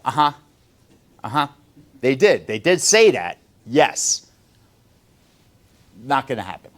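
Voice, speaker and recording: A man's voice: sing-song, slow pace. A man who runs a sales company, lecturing his staff in a blunt, profane motivational talk. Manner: blunt, profane, lecturing, swings between loud and low.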